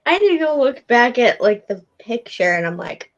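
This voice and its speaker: Excitable woman podcast co-host, very lively pitch, exclaims often. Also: dull audio. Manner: excitable, quick to exclaim and laugh. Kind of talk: casual chat about a TV show.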